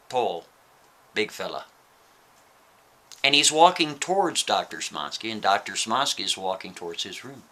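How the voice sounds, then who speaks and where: A man's voice: mid-range voice, bright, forceful tone. A man telling a story in a casual, chatty way, often checking in with the listener with "right?" asides.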